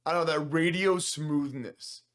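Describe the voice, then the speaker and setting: A man's voice: a little high, moderate pace. A man hosting a casual podcast chat in an easygoing, encouraging manner. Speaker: podcast host.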